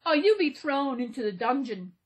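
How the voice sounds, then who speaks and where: A woman's voice: high voice, sing-song, moderate pace. A woman reading aloud and voicing a stern, demanding king in a storybook tale.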